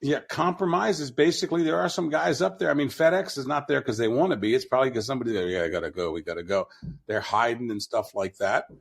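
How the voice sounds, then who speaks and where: Man, gravelly voice, husky tone, blunt and mocking, casual podcast talk. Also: mid-range voice, fast, hardly any pauses. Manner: blunt, profane, mocking, restarts often.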